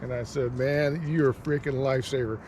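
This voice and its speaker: A man's voice: medium pitch, fairly even intonation, brisk, a little mellow, slight background noise. An older man telling an easygoing, jokey story to the camera outdoors by a lake. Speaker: vlogger. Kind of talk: casual storytelling vlog chat.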